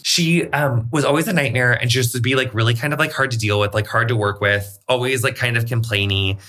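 A man in his thirties telling a workplace story in casual podcast chat, animated and quick, full of "like", acting out quotes. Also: mid-range voice. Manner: animated, fast, lots of "like", acts out quotes. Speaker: podcast guest.

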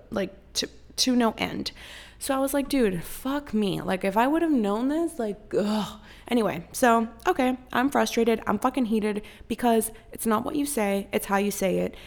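A woman's voice: mid-range voice, gravelly. A young woman telling a rambling, casual storytime, full of filler words and swearing. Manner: chatty, heavy "like" filler, frequent swearing. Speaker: content creator.

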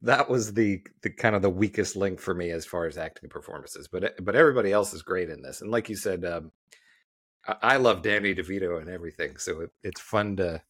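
A man co-hosting a podcast, chatting casually about a film in a halting, rambling way with many restarts. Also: sits low, a bit bright. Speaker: podcast co-host. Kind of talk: casual film review chat.

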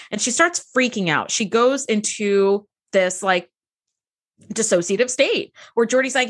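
A woman chatting casually as a co-host, with a fairly high voice. She slips into quick acted voices for the people she talks about and swears offhandedly. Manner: animated, acts out characters' lines, swears casually. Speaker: podcast co-host. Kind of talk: casual chat.

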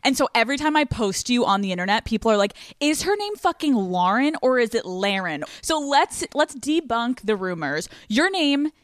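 A woman's voice: high voice, sing-song, fairly quick, hardly any pauses, dry recording, clean studio sound. A woman in her late twenties hosting a podcast, bubbly and chatty, swearing freely in casual chat with a friend. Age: late 20s. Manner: bubbly, swearing, frequent laughing. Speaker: podcast host.

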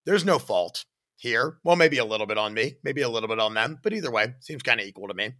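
A man telling a first-person story as a podcast host, animated and acting out his own shouts and sound effects. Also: medium pitch, fast.

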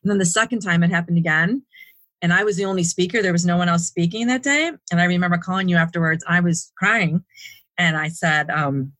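A woman's voice: fairly low pitch, brisk, a bit bright, no echo. A woman guest in an interview, telling her story in a rambling way with many restarts and fillers. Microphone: home setup, dry sound.

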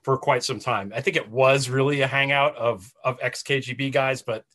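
A man hosting a podcast interview, asking questions in a relaxed, chatty way. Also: medium pitch, normal speed. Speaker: podcast host. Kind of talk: casual interview.

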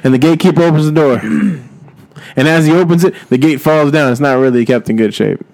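A man's voice: fairly high pitch, fairly quick, darkish tone, poor audio. A young man improvising a rambling, profane comedy story and laughing along as he tells it.

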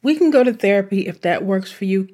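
A woman's voice: medium pitch, expressive, dark tone. Earnest chatty woman podcast host. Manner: earnest, chatty, asides and quick laughs. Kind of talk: reflective self-help talk.

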